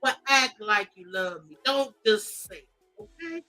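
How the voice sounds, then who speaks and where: A woman's voice: fairly high pitch, moderate pace, faint music behind, rough recording. A woman hosting a gossip commentary show, reading celebrity posts aloud and reacting with sass, mock cries and drawled asides. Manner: animated, sassy, mock-crying, drawling asides. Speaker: commentary host.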